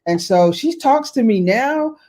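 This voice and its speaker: A middle-aged woman, an arts executive director, chats casually as a talk show guest at a measured pace in a fairly high voice. She is an animated storyteller who acts out the voices of the people she quotes.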